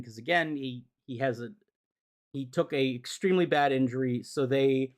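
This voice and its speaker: A man's voice: mid-range voice, fairly bright tone. A young adult man recapping comic books in a loose, profane, filler-heavy way as a streamer. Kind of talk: casual chat.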